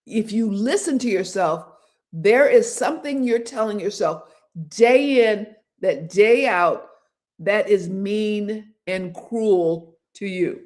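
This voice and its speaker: An older woman hosting a casual motivational talk, animated and laughing often as she acts out the voices people use on themselves. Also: mid-range voice, slow. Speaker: host.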